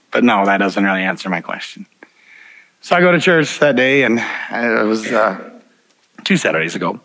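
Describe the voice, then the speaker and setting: A man's voice: fairly low pitch, animated, moderate pace, pauses often, a bit bright, poor audio. A man preaching a sermon, telling personal stories in an earnest way, chuckling often and restarting his sentences. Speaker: pastor.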